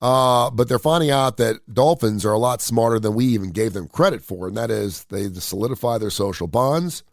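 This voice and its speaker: A man's voice: mid-range voice, normal speed, hardly any pauses, no room sound, studio quality. Blunt, opinionated man ranting. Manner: blunt, opinionated, animated rants with crude humor. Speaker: radio show host. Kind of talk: casual live-stream monologue.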